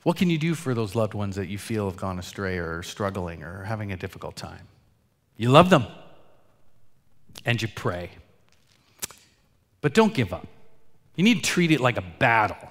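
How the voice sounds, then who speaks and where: A man's voice: fairly low pitch, sing-song, normal speed, long pauses. Earnest male pastor in echoing hall. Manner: earnest, swings between loud emphasis and soft asides. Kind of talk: sermon. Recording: long hall reverb.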